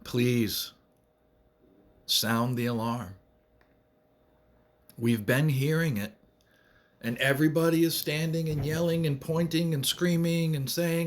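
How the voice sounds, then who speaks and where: A man's voice: fairly high pitch, unhurried, pauses often, a bit bright. A man giving an earnest, emphatic political monologue to camera, repeating phrases to drive his points home. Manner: earnest, emphatic, repetitive rallying speech. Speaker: vlogger.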